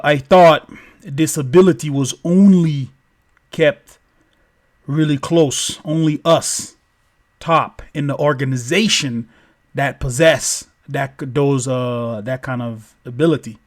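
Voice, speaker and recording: A man voicing a calm, powerful rich man who talks quietly and unbothered, in a told story. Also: on the high side, slow pace, long pauses.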